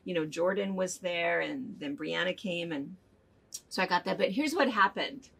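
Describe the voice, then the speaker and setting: A woman's voice: on the low side, expressive, moderate pace, creaky, a bit bright, breathy edge. An older woman co-hosting a casual chat show, telling stories in a chatty way and laughing often as she goes. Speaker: co-host of a fabric shop chat show.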